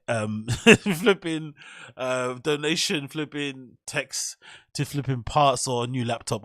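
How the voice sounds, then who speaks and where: A man's voice: on the low side, fairly bright tone, no room sound. Guy chatting on his stream, loose and sweary, dry close sound. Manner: swearing, slangy, rambling. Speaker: streamer host. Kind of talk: casual live-stream chat.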